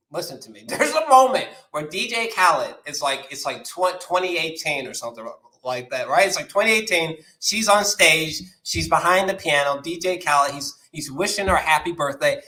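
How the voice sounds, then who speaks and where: A man giving a casual, excitable film review, laughing a lot, swearing and repeating himself in slangy talk. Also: high voice.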